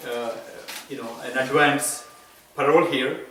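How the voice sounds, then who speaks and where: A man's voice: medium pitch, steady tone, a bit bright, a little hiss or hum. Accented man speaking in an echoey home. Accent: non-native English accent. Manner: earnest, self-deprecating, halting with fillers. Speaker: school board candidate. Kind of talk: campaign meet-and-greet speech. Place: living room of a private home. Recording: echoey room, mic from far off.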